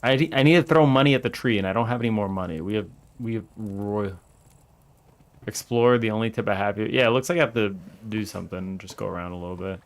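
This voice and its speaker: A man giving casual let's-play commentary as he streams a game, excitable and yelling at the characters in mock outrage. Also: lowish voice, quick pace.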